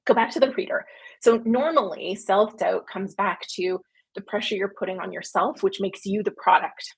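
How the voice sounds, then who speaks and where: A Canadian woman talks through viewer questions on a casual livestream, her voice slightly husky. She rambles warmly into tangents, filling pauses with ums and quick laughs. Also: medium pitch. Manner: chatty and rambling, frequent fillers and laughs. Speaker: publishing company founder hosting a livestream.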